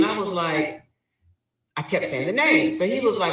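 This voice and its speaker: A woman's voice: lowish voice, animated, a little fast, a bit bright, heavy reverb, recorded from a distance, low-quality recording. A woman telling a story dramatically, acting out both sides of a quarrel. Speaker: guest telling her story. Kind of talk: animated storytelling.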